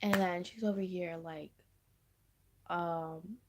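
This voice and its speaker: A woman's voice: on the low side, fairly even intonation, takes it slowly, slight background noise. A teenage girl telling a storytime to camera in a chatty, slangy way, repeating her phrases. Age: teens. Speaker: storytime vlogger. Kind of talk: casual storytime vlog.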